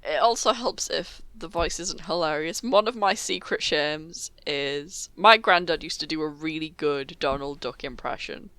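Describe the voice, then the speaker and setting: Bright-voiced woman chatting, dry close sound. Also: low voice, unhurried, few pauses, dry recording. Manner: chatty, hesitant, trails off. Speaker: podcast co-host. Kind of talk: casual chat.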